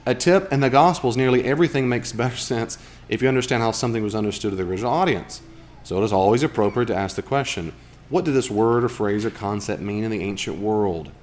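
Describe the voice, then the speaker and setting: Low-voiced man teaching a small group. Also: fast. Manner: chatty, animated, talks to the group with asides. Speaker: Bible study group teacher. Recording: live room recording, faint background.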